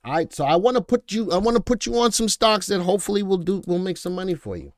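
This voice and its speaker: A man's voice: high voice, animated, fast talker, dry recording, studio quality. A man with a Boston accent hosting a live stock market stream, rambling, repeating himself and answering viewer chat as he goes. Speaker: stock market show host.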